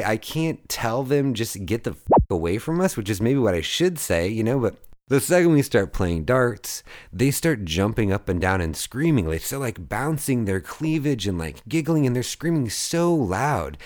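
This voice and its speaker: A man's voice: medium pitch, very animated, normal speed, a little mellow. A man in his thirties telling a long story in a casual monologue. He rambles, swears freely and laughs at his own jokes. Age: 30s. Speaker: podcast host.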